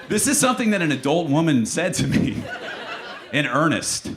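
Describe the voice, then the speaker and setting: Deadpan young male stand-up comic. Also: mid-range voice, a little fast, some chatter behind, a little hiss or hum. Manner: dry, deadpan delivery that sinks into mock-solemn quiet. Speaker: stand-up comedian. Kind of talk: stand-up comedy set. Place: comedy club stage.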